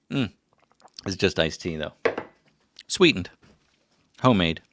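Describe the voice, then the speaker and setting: A man's voice: sits low, animated, measured pace, pauses often, fairly bright tone, dry recording. A middle-aged man hosting a casual livestream, rambling through stories with self-mocking jokes. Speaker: livestream host.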